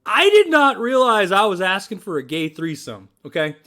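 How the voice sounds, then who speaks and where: A man's voice: sits high, sing-song, normal speed, bright, forceful tone. A young man co-hosting a podcast, telling rowdy stories in a casual chat and acting out the dialogue in different voices. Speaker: podcast co-host.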